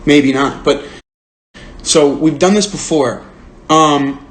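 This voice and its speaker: A man's voice: on the high side, takes it slowly. A man hosting a book club over a phone livestream, casual and earnest, rambling with lots of "like". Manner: rambling and earnest, heavy use of "like". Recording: roomy with faint hiss.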